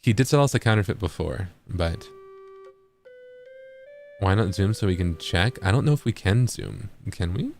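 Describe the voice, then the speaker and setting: A man's voice: on the low side, lively intonation, moderate pace, gravelly, long pauses, darkish tone, soft background music. A young man streaming a video game, chatting playfully with his viewers and thinking aloud. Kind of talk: casual gaming commentary.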